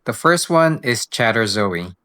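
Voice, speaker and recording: A man with a bright, forward voice narrates a software walkthrough, explaining each step in an unhurried way. He sounds relaxed and practical, like a tutorial host. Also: fairly low pitch. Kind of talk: screen-recorded software walkthrough.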